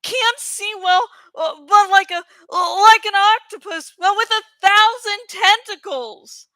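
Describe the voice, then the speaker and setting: A woman reading aloud, voicing a frantic teenage boy who hesitates as he shouts. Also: extremely high pitch, lively intonation, drawn-out words, no room sound, full character voice.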